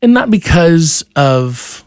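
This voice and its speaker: A man's voice: fairly high pitch, big pitch swings, takes it slowly, darkish tone, smooth, no room sound, clean studio sound. A young man in a casual podcast conversation, telling a personal story earnestly with many restarts. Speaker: podcast guest.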